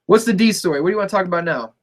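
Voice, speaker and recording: Male podcast co-host, slightly high pitch, loose and profane banter. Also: very fast. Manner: relaxed, profane, laughs easily. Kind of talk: casual wrestling podcast chat.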